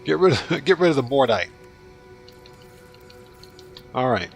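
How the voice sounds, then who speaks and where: A man's voice: medium pitch, very animated, unhurried, gravelly, soft background music. Chatty man streaming a game. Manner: chatty, talks to viewers by name while playing. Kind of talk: casual livestream gaming commentary.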